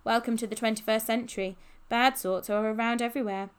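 A patient, sensible modern girl who explains things reasonably , voiced by a woman reading aloud. Her voice is a touch higher than the narration and stays level. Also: fairly even intonation, a little fast, smooth, natural voice.

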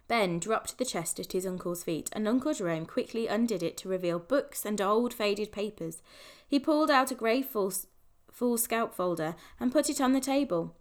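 A woman narrating a children's novel aloud in a measured, expressive reading, shifting voices for the characters. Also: mid-range voice. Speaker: audiobook narrator. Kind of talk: storybook reading.

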